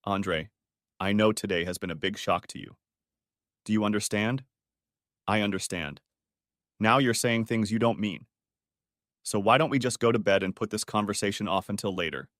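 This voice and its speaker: A man's voice: lowish voice, sing-song, unhurried, pauses often, no room sound. Figure: scheming young wife, played by a man. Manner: sneering, patronizing. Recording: dry, close. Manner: sneering then smoothly patronizing.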